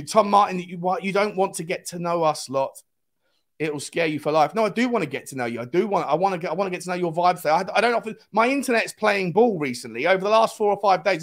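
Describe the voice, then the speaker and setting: A man, hosting a casual live fan stream, chatting and greeting viewers by name as he reads the chat aloud. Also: high-pitched.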